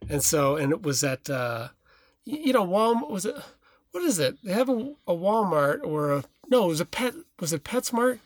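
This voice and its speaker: A man co-hosting a podcast, telling a casual anecdote in an animated way. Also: high-pitched, moderate pace, dry recording, studio quality. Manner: animated storyteller, imitates barking. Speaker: podcast co-host. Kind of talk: casual storytelling chat.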